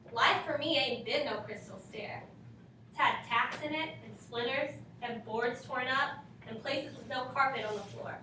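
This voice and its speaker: A woman reading a poem in the voice of a weary older mother advising her son, slow and drawn out in dialect. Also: sits high, bright, forceful tone, slight background noise. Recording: echoey classroom from far off.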